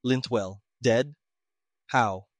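A man voicing an impatient, gruff middle-aged army colonel who snaps curt orders. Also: mid-range voice, very slow, dry recording, studio quality.

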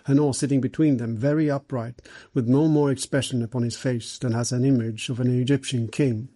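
Audiobook narrator, man, husky voice, measured reading, dry close recording. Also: medium pitch, fairly even intonation, dark tone, dry recording. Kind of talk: scripted mystery narration.

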